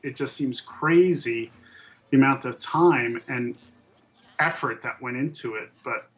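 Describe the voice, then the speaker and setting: On a low-quality recording, a man in his fifties who designs puppets and toys shares stories in a relaxed interview. He speaks a little slowly in a mid-range, slightly bright voice, thinking aloud with frequent ums and restarts.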